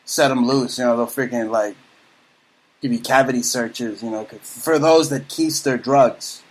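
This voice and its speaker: A man hosting a talk radio show, ranting loudly and excitably in casual banter. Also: medium pitch, a little slow, poor audio.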